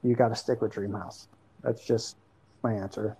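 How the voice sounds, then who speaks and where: A man's voice: on the low side, fairly even intonation, normal speed, mellow, husky, rough recording. A man co-hosting a casual podcast chat, blunt and given to repeating himself. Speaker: co-host.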